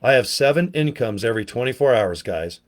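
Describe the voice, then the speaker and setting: A middle-aged man giving a casual, pushy sales pitch to camera outdoors, talking folksy and checking in with "okay?" and "guys". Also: lively intonation, a little fast. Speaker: online business vlogger. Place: outdoors, windy.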